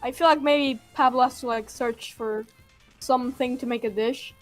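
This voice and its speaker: A woman's voice: high-pitched, steady tone, normal speed, soft background music. A woman playing a tabletop game, speaking in a playful, tentative way. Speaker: player. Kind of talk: casual tabletop play.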